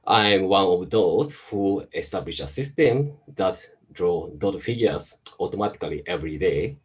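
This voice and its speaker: A man with an accent mixing Chinese, Japanese and American, giving a measured talk over a video call. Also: sits low, a little mellow, husky, poor audio. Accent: mix of Chinese, Japanese and American. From Hong Kong. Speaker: invited speaker, pediatrician and virus researcher. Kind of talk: online presentation talk.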